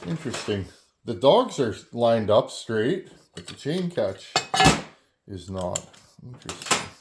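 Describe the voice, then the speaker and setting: A man's voice: medium pitch, sing-song, takes it slowly, very noisy. Chatty man rambling in his workshop. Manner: chatty and rambling, talks while working with tools. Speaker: chainsaw channel host. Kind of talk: casual workshop vlog.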